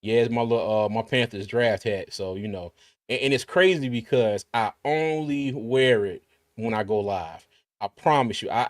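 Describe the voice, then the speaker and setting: A livestream host from the Carolinas in the US chats casually and reads viewer comments aloud in a mid-range voice, restarting often. The studio-quality recording has no room sound.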